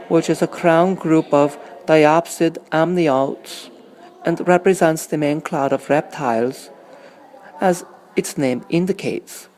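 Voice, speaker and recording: A man doing a high, put-on accent reading signs. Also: darkish tone. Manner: stilted, careful placard reading.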